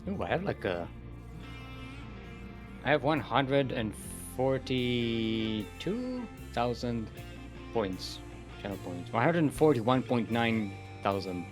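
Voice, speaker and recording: A man's voice: mid-range voice, animated, a little slow, pauses often, over music. A man casting a live esports match as play-by-play commentator, playful and giggly, joking between calls. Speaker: esports caster.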